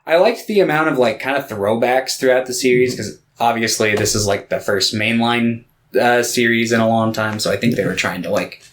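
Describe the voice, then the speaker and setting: A man's voice: medium pitch, slight background noise. Laid-back guy just chatting on a podcast, lots of ums and asides. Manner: relaxed, trails off with fillers and quick asides. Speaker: podcast co-host. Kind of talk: casual chat about anime.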